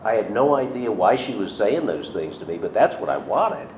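A man's voice: fairly low pitch, very animated, normal speed. A middle-aged man telling a personal story in a conversational, self-deprecating way, acting out the people he quotes. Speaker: recovery speaker sharing his story. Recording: roomy, dull lo-fi recording with faint noise.

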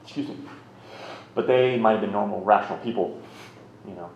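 A man's voice: on the low side, fairly quick, gravelly, slight background noise. A man in his thirties telling his own recovery story in a candid, rambling, self-mocking way. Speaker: speaker sharing a recovery story. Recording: roomy, slightly muffled recording.

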